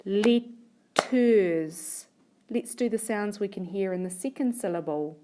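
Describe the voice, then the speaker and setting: A woman teaching a spelling lesson, slowly stretching words into syllables and sounding out each letter. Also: medium pitch, warm tone. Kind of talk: slow, deliberate classroom spelling lesson.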